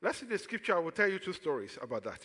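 A man's voice: sits high, sing-song, fast talker, sharp tone, breathy edge, in a large hall. A man with a Nigerian accent preaching a sermon as pastor, throwing questions out to the congregation for them to answer.

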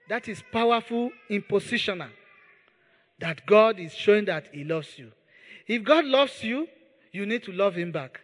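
A man's voice: high-pitched, animated, moderate pace, long reverb tail. A man preaching a sermon as pastor. He speaks with emphasis, repeats key words and leads the congregation in prayer.

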